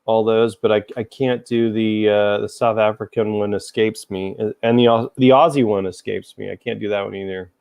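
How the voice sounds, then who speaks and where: A man's voice: lowish voice, steady tone, normal speed, creaky, few pauses, a little mellow, smooth. A middle-aged man from Tennessee hosting a casual livestream chat over a video call, chatty and easygoing, laughing often. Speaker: host.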